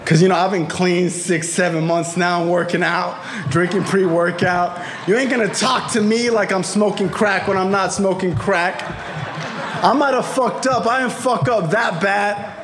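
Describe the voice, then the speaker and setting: Brief: a high-voiced man at a convention, raw and profane storyteller, roomy hall. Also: fairly even intonation, a little slow, noisy background. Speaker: speaker at a recovery convention. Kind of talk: storytelling talk to a crowd. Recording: echoey hall.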